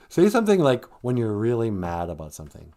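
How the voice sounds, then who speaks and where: A man's voice: medium pitch, warm tone. A man hosting a live stream, chatting casually in a joking, rambling way and reading out viewer comments. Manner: joking, rambling, reads chat comments aloud.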